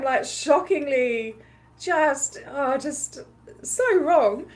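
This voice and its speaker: A woman with a somewhat high voice tells a story to her livestream audience in a loose, chatty way. She is animated and laughs often, scattering ums and likes through her speech. She slips into other people's voices as she quotes them. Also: drawn-out words. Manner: acts out other people's lines while retelling. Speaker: livestream host recounting a protest. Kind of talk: casual storytelling.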